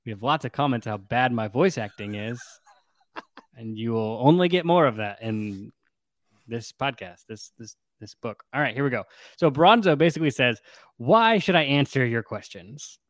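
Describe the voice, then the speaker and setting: A man's voice: mid-range voice, moderate pace, dry recording. Man retelling a book on a podcast. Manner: animated retelling, laughs often. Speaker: podcast host. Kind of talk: casual book discussion podcast.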